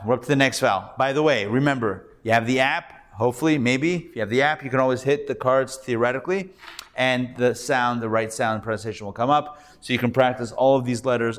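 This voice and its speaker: A male rabbi teaching a live Hebrew reading class, patiently sounding out syllables and repeating them. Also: medium pitch. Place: class recorded live in a room.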